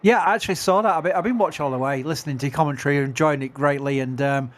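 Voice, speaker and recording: A middle-aged man from England with a Yorkshire accent commentates casually on a livestream. He talks fast in a slightly high voice, is self-mocking and laughs easily.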